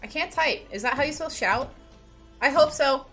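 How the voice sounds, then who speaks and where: A young woman streaming a block-building game, chatting casually and greeting her viewers excitedly. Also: sits high, moderate pace. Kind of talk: casual live-stream chat. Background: faint background music.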